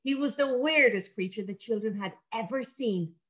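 A woman reading a picture book aloud to young children, warm and expressive. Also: on the high side, normal speed.

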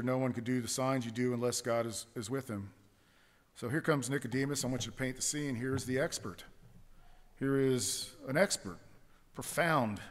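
A man preaching a sermon as pastor, emphatic, repeating phrases for stress. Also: mid-range voice. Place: church sanctuary. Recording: long church hall reverb.

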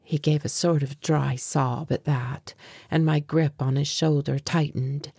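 Low, husky woman narrating. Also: warm tone, dry recording, studio quality. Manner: measured, reflective storytelling. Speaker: audiobook narrator. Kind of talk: scripted first-person narration.

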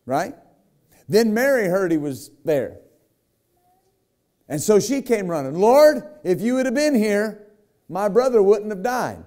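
Mellow-voiced preacher man, emphatic and lively. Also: high voice, a little slow, long pauses. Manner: retells scripture with lively acted quotes; emphatic, frequent "right?" and "amen?". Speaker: pastor. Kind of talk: sermon.

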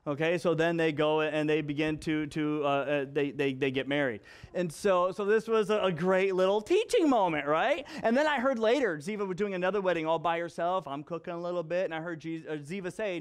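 A male pastor preaching a storytelling sermon, animated and acting out dialogue with playful voices. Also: on the high side, brisk, clean tone.

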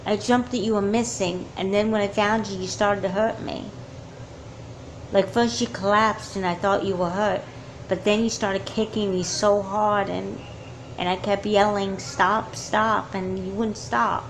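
A woman voicing a frightened young girl who cries out in high, strained yelps. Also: fairly even intonation, measured pace, a little hiss or hum, natural voice. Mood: shaken.

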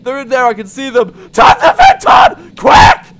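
A man voicing a jumpy, easily rattled male puppet who shrieks and yells through in-character game commentary. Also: high-pitched, very animated, slow pace, a crowd in the background, background noise, heavily acted. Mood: frantic. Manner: shrieking and yelling, then sudden mumbles. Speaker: let's play commentator.

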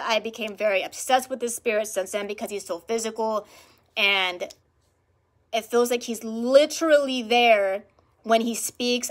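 A woman speaking to camera in a vlog, telling a personal spiritual experience in an animated, emphatic way and repeating words for emphasis. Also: a little high. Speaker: spiritual practitioner vlogger.

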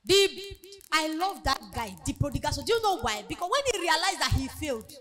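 A woman's voice: high-pitched, very animated, a little fast, sharp tone. A woman giving an emphatic motivational sermon at a conference, acting out the voices of the people in her stories. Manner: emphatic preaching, acts out quoted voices. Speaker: speaker at a women's conference.

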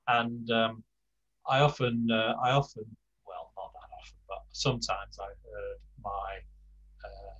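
An older man teaching a Spanish class over a video call, talking slowly with many fillers and restarts. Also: on the low side, little pitch movement, gravelly, fairly bright tone, muffled recording. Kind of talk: online language lesson.

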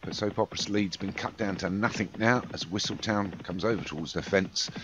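Deep-voiced man calling a horse race. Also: fairly quick. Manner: chatty, self-deprecating asides between calls. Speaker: race commentator. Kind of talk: amateur race commentary over a video game. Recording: dull lo-fi with clear background noise.

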